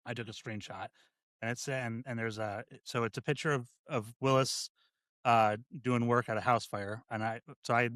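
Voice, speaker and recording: A man who is a deputy fire chief, a guest on a podcast, speaking in a halting, reflective way with many restarts. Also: mid-range voice, steady tone, fairly bright tone, no room sound, studio quality. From United States. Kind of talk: casual podcast conversation.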